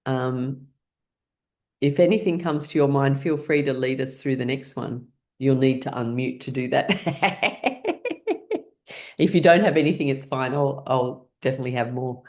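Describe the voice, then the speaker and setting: A woman leading a guided laughter exercise class over a video call, encouraging everyone and breaking into deliberate laughs. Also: extremely low pitch, steady tone, darkish tone. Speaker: laughter yoga leader.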